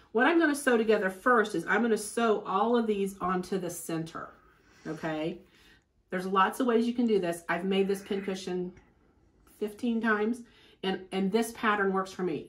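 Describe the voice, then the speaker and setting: A woman's voice: mid-range voice, a bit bright. A woman teaching a hand-sewing class, chatty and homespun, talking through each step as she works. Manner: chatty, homespun, thinks aloud while working. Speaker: quilting teacher. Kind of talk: hands-on sewing demonstration.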